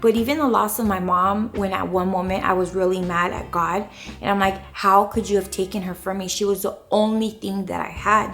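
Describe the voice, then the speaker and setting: Woman in her thirties, motivational vlogger, earnest and faith-driven, middle pitch, light music bed. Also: steady tone, fairly quick, a bit bright. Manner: earnest, faith-filled, repeats a catchphrase. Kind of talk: motivational vlog talk.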